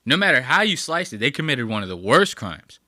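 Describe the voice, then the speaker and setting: A man hosting a casual live stream, mocking a clip with crude, animated commentary. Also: mid-range voice, fairly quick, dry recording, clean studio sound. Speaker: host.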